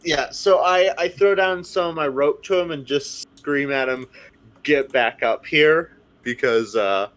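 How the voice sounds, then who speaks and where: A man's voice: on the high side, normal speed, hardly any pauses. Hesitant man playing a tabletop game. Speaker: player. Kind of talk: casual tabletop play.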